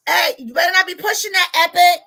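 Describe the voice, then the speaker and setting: This middle-aged life coach has a very high, gravelly voice with a sharp edge, speaking fairly quickly on a rough recording. Coaching viewers on a live stream, she gets emotional and often laughs through tears while reading their comments.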